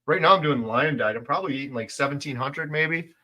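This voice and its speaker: Fairly high-pitched and quick, the middle-aged host works through viewer comments on his casual stream. When he wants to make a point, he leans in hard and gets loud.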